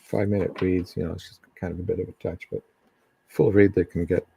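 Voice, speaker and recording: A man giving psychic readings on a live stream in a halting, casual way, with many ums and restarts. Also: deep voice, little pitch movement, vocal fry, dark tone, a little hiss or hum.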